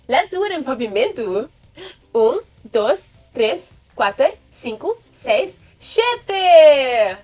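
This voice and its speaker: A woman's voice: fairly high pitch, sing-song, drawn-out words, soft background music. A woman teaching young children to count, cheerfully praising them and asking them to repeat after her. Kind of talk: kids' counting lesson.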